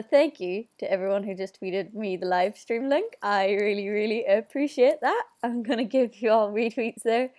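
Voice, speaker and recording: A young Northern Irish woman hosting a casual live stream, bubbly and chatty as she answers viewer comments. Her voice sits fairly high for a woman. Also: a little mellow. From Northern Ireland.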